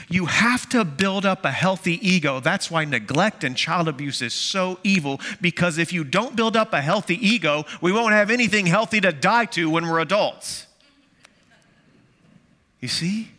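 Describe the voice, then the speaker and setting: A man's voice: a little high, lively intonation, normal speed, pushed and bright, long reverb tail. A man preaching a sermon to his church in a conversational way, with self-deprecating jokes and many fillers. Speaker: pastor.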